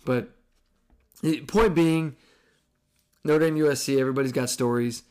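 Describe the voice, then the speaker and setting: A man in his thirties hosting a podcast, telling a story in casual, animated, profane style. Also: mid-range voice, moderate pace. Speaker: podcast host.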